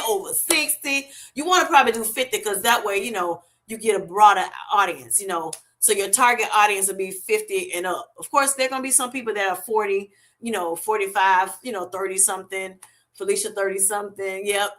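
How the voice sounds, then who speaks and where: Bright-voiced woman hosting a live chat. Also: medium pitch. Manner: laughs often, calls viewers honey and baby, reads comments aloud. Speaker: livestream host reading chat.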